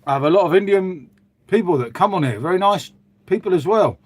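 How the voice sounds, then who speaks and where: A man hosts a relaxed livestream from home and chats with his viewers as he goes. His talk wanders from one thought to the next, and he calls people mate. His voice sits a little high for a man. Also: a little fast, husky. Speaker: livestream host reading chat. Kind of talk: casual chat with live viewers. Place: at home making a hot drink.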